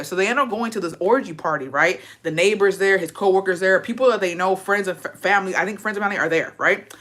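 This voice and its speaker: Profane, gossipy young woman. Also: fairly low pitch. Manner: profane, animated storytelling with put-on quotes. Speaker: vlogger. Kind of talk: casual gossip recap.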